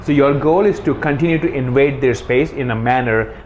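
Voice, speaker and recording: A man coaching on dating, talking very fast in a confident, explaining way. The clip sounds dull and muffled, with faint noise behind him. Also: medium pitch, darkish tone. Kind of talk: instructional talk.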